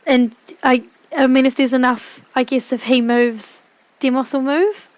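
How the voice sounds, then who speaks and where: A woman taking part in a tabletop game asks hesitant, hedging questions. She speaks high and slowly, and her voice sounds dry and close. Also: fairly even intonation, darkish tone, dry recording, low-quality recording. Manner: tentative, hedging. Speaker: player.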